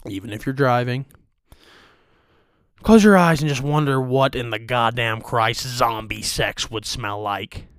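A young man hosting a comedic rant, crude and profane in a deadpan way. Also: mid-range voice, unhurried, no room sound, studio quality. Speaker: host of a rant show.

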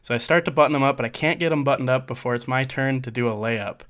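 A fast-talking man from Michigan with a fairly bright, mid-range voice co-hosts a podcast. His storytelling is casual and jokey, with frequent laughter.

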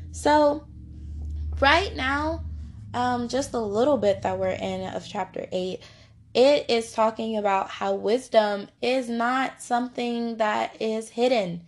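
A young woman with a fairly high voice leads a casual Bible study. She talks in a chatty, upbeat way, laughs often, and slips into playful voices. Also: slow.

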